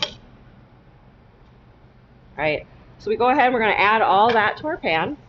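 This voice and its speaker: A woman's voice: mid-range voice, big pitch swings, moderate pace, lo-fi sound, a little hiss or hum. A woman teaching a cooking lesson in her kitchen, talking step by step and often checking in with "okay?". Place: home kitchen.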